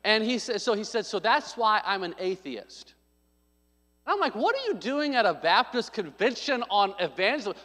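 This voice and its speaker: With a high, sing-song, sharp-toned voice at normal speed, a pastor delivers a sermon built around a story. He jokes along the way and acts out people's lines, his voice carrying long hall reverb.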